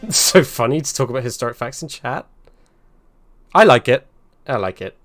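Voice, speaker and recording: A man's voice: medium pitch, lively intonation, quick pace, fairly bright tone, no room sound, faint music behind. A man commentating casually while live-streaming a game, chatty and rambling, laughing often and grumbling about the fight.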